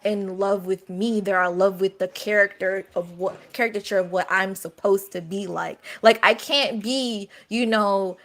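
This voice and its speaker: A woman speaking earnestly in a casual group conversation, halting with many fillers. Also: mid-range voice, steady tone, fairly bright tone. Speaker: guest.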